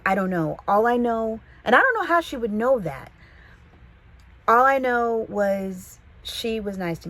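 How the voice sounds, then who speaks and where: A woman from the San Fernando Valley with a Californian accent, telling a casual storytime vlog in a chatty, animated way. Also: mid-range voice, low-quality recording. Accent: Californian English. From Los Angeles, the Valley. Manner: chatty, animated, quotes people in voices.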